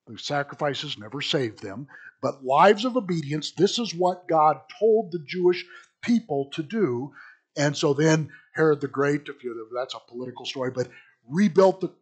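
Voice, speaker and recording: A man's voice: a little high, husky. A middle-aged man preaching a sermon in a conversational, digressive way, often restarting his phrases. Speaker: pastor.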